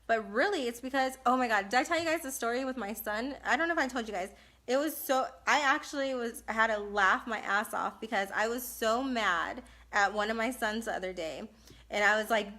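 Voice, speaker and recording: Taking viewer questions live, this California host in her thirties talks bluntly and casually, often breaking into laughter. Her voice runs fairly high and bright, brisk in pace and forceful in tone.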